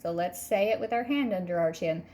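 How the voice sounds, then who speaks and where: A woman teaching a third grade phonics lesson. She speaks patiently and says each word twice, clearly, so children can repeat it. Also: lowish voice, fairly quick, a little mellow. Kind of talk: recorded classroom phonics lesson.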